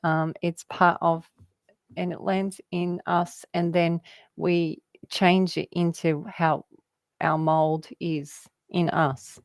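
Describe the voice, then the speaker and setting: A woman's voice: fairly low pitch, little pitch movement, slow, no room sound. A woman talking casually about spirituality, rambling and laughing often as she jumps between word associations. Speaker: guest.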